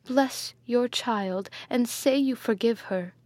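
A woman voicing a gentle, pleading young princess in a gothic storybook reading. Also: a little high, slow, dry recording.

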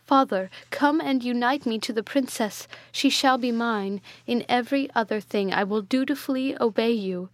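A passionate, hot-headed young prince pleads in urgent bursts, as a woman reads him aloud. The voice sits a little high and lively. The sound is close and dry. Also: normal speed, few pauses, dry recording, lightly acted.

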